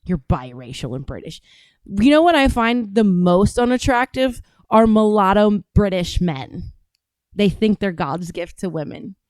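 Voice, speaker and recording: A woman's voice: mid-range voice, animated, measured pace, a little mellow, no echo. A woman from the United States hosting a reaction stream and reading out chat, brash, combative and swearing constantly. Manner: brash, profane and combative, often laughing.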